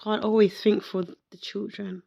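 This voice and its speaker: In an emotional personal monologue on her podcast, a woman talks slowly and reflectively, almost crying and repeating herself while hunting for words. Her delivery is flat, her medium-pitched voice creaky and dark.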